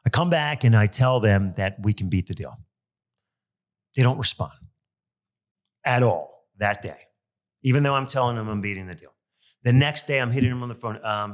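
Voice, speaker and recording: A man's voice: lowish voice, normal speed, pauses often. A man hosting a podcast, a loan officer talking casually and venting with exasperation, full of ums and uhs. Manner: exasperated, animated venting with lots of fillers. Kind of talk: casual solo podcast monologue.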